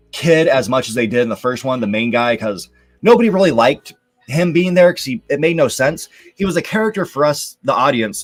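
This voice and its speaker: A young man hosting a live stream, chatting casually and rambling with many fillers about upcoming games and movies. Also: mid-range voice. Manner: relaxed, rambling, lots of fillers. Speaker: show host.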